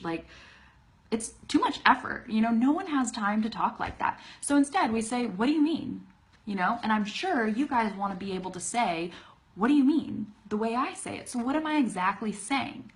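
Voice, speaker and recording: A woman teaching English pronunciation in a casual live-streamed lesson, talking straight to viewers and slowing down to demonstrate sounds. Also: medium pitch. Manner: talks to viewers directly, demonstrates sounds slowly, laughs easily. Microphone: phone or webcam for a live video stream.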